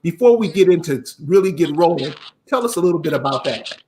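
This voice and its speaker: High-voiced male show host. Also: animated, fairly quick, a little mellow. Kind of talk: interview questions.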